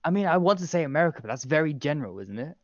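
A man with a Southern English accent, co-hosting a podcast in casual chat, hesitant and measured. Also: fairly high pitch, sing-song, a crowd in the background. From Southern England. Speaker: podcast co-host. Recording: dull lo-fi dry sound.

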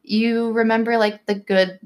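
A woman's voice: a little high, flat delivery, a little slow. Young woman, casual chat, chatty storytelling, lots of "like", acts out quotes.

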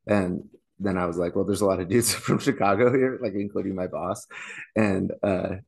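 A man's voice: deep voice, moderate pace, vocal fry, slightly rough. A man co-hosting a podcast, chatting casually into a desk microphone, rambling and swearing between laughs. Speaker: podcast co-host. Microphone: desk microphone, leaning in.

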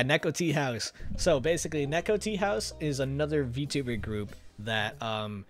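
A man chatting casually on a live stream, animated and giggly, rambling with restarts. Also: medium pitch. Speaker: VTuber streamer.

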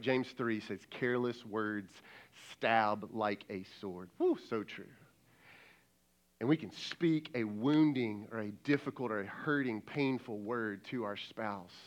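A man's voice: lowish voice, highs cut off. A man preaching a sermon as lead pastor, talking in a conversational, emphatic way and acting out quoted dialogue.

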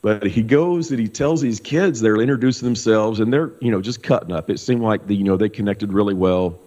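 A middle-aged pastor from Kansas telling a personal story in a loose, animated way, full of fillers. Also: male voice, lowish voice, a little fast. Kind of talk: casual storytelling testimony. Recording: dull sound with long hall reverb.

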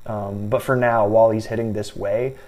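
A man's voice: lowish voice, steady tone, darkish tone. Man talking fantasy baseball stats. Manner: hedging, restarts, stat-heavy, measured. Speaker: fantasy baseball podcast co-host. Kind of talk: casual analytical sports chat.

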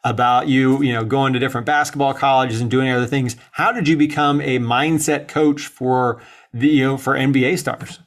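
A man's voice: medium pitch, steady tone, moderate pace. A man hosting a podcast, introducing his guest and asking curious questions. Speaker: podcast host.

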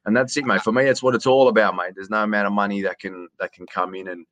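A middle-aged Australian man chatting on an interview in a lowish voice. He restarts words often and drops in mate every few lines. The sound is dry and close. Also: steady tone, fast talker, dry recording. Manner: warm, says mate often, repeats words. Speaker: guest, sports announcer. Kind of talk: casual conversation over a call. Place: hotel quarantine room.

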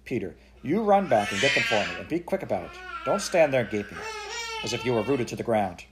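A man's voice: medium pitch, sing-song, fairly quick, noisy background, lightly acted. A man voicing a cross, fussy aunt who scolds shrilly in a storybook reading. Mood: scolding. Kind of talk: audiobook character voice.

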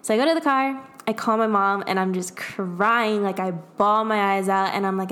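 A woman's voice: medium pitch, moderate pace, few pauses, fairly bright tone. A young adult woman in casual chat, telling a personal story in a rambling way, full of fillers and laughs. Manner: rambling, lots of "like", laughs often.

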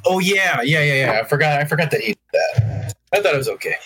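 A man's voice: a little high, expressive, quick pace, a bit bright, soft background music. A man co-hosting a casual chat, rambling and jokey with many restarts.

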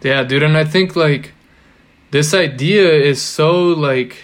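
A man's voice: fairly high pitch, takes it slowly. A young man in casual podcast chat, rambling with lots of filler words and loose slang. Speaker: podcast guest or co-host.

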